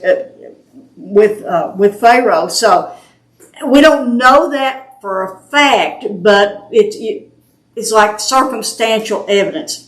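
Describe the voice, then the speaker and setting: A woman with an East Tennessee Southern accent leading a small group Bible study, chatty and patient, laughing easily. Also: medium pitch. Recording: roomy home recording.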